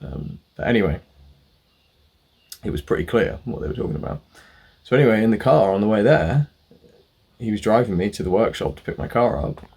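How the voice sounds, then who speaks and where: A man's voice: lowish voice, lively intonation, fairly quick, gravelly, long pauses, darkish tone, husky. A man vlogging a casual, profane story, animatedly acting out both sides of an argument. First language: not the local language of where he lives.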